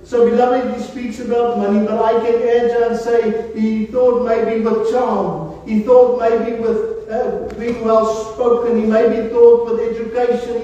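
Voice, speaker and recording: A man's voice: very high-pitched, dark tone. A male pastor preaching a sermon in earnest, calling his listeners "beloved" again and again. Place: church hall. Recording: echoey hall from far off, dull lo-fi sound.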